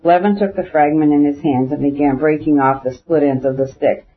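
Man reading a novel over a thin line. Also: on the high side. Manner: even, measured reading with French phrases. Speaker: audiobook narrator. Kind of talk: scripted narration of a classic novel. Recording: phone-like narrow band.

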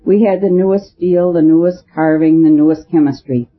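A storyteller playing an ambitious Italian courier, a man who talks gravely of progress and brags of his own daring. The voice is husky, and it comes through a thin, phone-like band. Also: medium pitch, fairly even intonation, moderate pace, lightly acted. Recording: tinny phone-like audio.

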